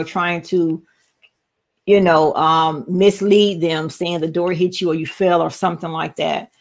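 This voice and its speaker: A woman interviewer asking follow-up questions in a hesitant, casual way. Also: lowish voice. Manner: hesitant, with fillers and restarts.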